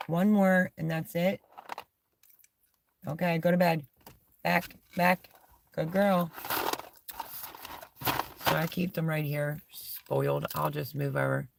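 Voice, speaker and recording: Middle-aged woman, casual live-stream host, gravelly fry, unhurried rambling delivery. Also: low voice, fairly even intonation, noisy background. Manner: rambling, chats to her dog between thoughts. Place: small camping setup indoors.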